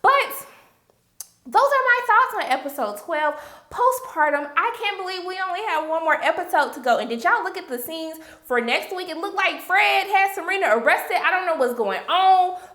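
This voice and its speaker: A woman in a casual review vlog, talking a little high and chatty. She is opinionated and slangy and flares into loud outrage, and the room around her rings with echo. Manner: slangy, addresses viewers as y'all. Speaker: TV recap vlogger.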